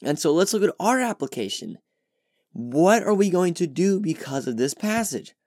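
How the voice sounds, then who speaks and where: Male podcast teacher, lively pitch, dead-dry close recording, emphatic delivery. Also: normal speed, no room sound. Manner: earnest and emphatic, voices quoted reactions with animation. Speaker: podcast host teaching scripture.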